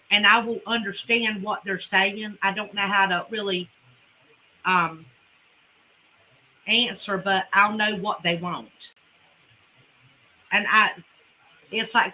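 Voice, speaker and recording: A woman's voice: mid-range voice, sharp tone, rough recording. A woman with a Southern US accent, chatting folksily with viewers as a homesteading livestream host. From Carolinas, US. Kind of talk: casual livestream chat with viewers.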